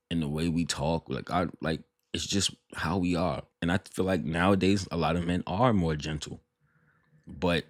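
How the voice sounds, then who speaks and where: Deep-voiced man, blunt and sarcastic. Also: dry recording, clean studio sound. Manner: blunt, sarcastic, rambling with many restarts. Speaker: reaction video host. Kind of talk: casual reaction commentary.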